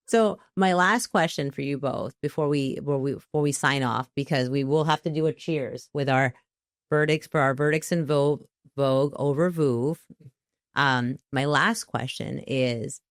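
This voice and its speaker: Brief: woman host, very low voice, effusive and giggly, dry close sound. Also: no echo. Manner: effusive, laughs often, trips over her words. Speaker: interview host. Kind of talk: casual interview chat.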